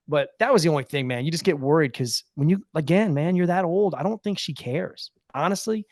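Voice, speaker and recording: A man's voice: a little high, fast talker, dry recording, clean studio sound. A man co-hosting a podcast, telling a family story in casual chat and acting out the quotes. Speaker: podcast host.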